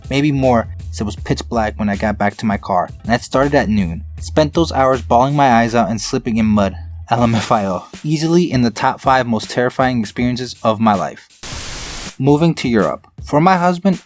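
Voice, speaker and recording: A man reading online stories aloud in steady first-person narration. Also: medium pitch. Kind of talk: scripted narration of online posts.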